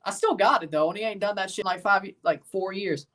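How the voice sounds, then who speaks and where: A man's voice: high-pitched, brisk, fairly bright tone. A man with a Southern US accent, chatting casually as a livestream host and answering viewers' comments. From Mississippi, US. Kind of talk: casual livestream watchalong chat.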